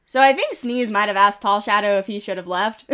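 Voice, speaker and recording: A woman's voice: medium pitch, lively intonation, fairly quick, sharp tone, clean tone. A woman streaming a game, reading out events with chatty asides and giggles while congested and coughing. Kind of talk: casual live-stream commentary. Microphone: desk microphone.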